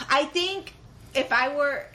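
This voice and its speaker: A young woman co-hosting a casual podcast about a movie, animated and swearing, acting out characters' lines and laughing often. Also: medium pitch, a little slow, a little hiss or hum. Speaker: podcast co-host. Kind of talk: casual movie-discussion chat.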